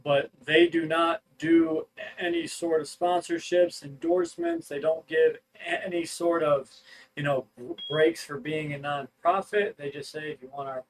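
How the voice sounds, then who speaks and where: A man's voice: fairly high pitch, lively intonation, a little slow. A man co-hosting a fish rescue livestream, chatty and matter-of-fact. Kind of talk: casual livestream chat.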